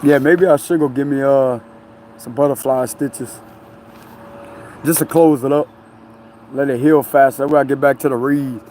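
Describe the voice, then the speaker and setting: Mid-range and dark in tone, this man's voice stays fairly even at normal speed, broken by long pauses, with a little hiss or hum. He's a tarot reader chatting loosely on a live stream outdoors near a tree and traffic, rambling, laughing a lot, and adding "you know what I'm saying" to his lines.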